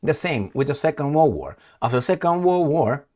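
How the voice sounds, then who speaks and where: A man's voice: fairly high pitch, very animated, fairly quick, darkish tone. A man from Eastern Europe, a non-native English speaker, giving a heated, sarcastic political monologue while pointing at a map. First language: Romanian. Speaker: political commentator. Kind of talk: opinionated monologue.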